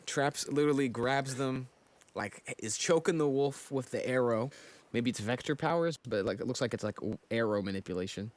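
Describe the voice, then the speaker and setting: A man's voice: mid-range voice, normal speed. A man reacting casually on a live stream, thinking aloud and talking to his chat while yawning. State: sleepy, yawning. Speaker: streamer reading manga live.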